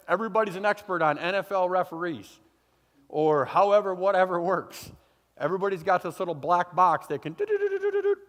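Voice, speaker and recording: A man's voice: high-pitched, a bit bright. A man preaching a sermon as pastor, in a casual, folksy, conversational way, with repeated phrases. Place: church sanctuary. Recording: church hall reverb.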